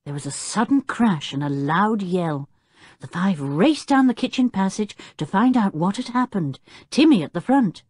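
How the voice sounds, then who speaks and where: A woman narrating a children's storybook with a lilting, expressive read. Her pitch rises and falls widely, and the recording is close and dry with no room sound. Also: moderate pace, breathy edge, no echo. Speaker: audiobook narrator.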